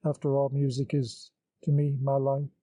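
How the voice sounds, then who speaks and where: A man's voice: mid-range voice, completely flat delivery, moderate pace, warm tone, no echo, lightly acted, rough recording. A man voicing a sinister man who talks in a half-whining, sardonic, scornful way, in an audiobook. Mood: wheedling. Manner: scornful, half jaunty, half malignant.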